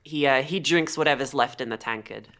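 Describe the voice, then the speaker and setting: A woman narrating as game master of a tabletop game over a video call, with halting speech and frequent restarts. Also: extremely low pitch, a bit bright. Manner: halting, lots of fillers and restarts.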